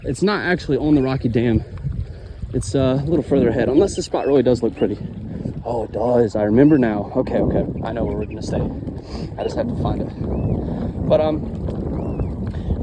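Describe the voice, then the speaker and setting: A young man with a slightly higher voice talks through his own story as he hikes beside water, letting out frustration and swearing freely. Loud wind and rushing water fill the recording behind him. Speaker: vlogger. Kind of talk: personal story vlog while hiking. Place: outdoors by water, walking a trail.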